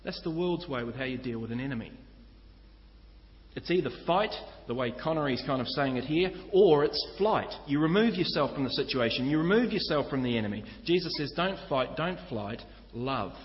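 A man's voice: on the high side, lively intonation, brisk. A man preaching a sermon, earnestly teaching and speaking directly to his listeners. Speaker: pastor. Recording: echoey hall, slightly dull sound.

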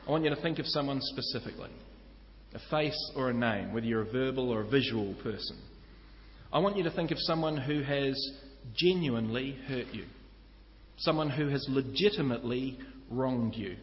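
A man's voice: mid-range voice, moderate pace. A man preaching a sermon, earnestly teaching and speaking directly to his listeners. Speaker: pastor. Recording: echoey hall, slightly dull sound.

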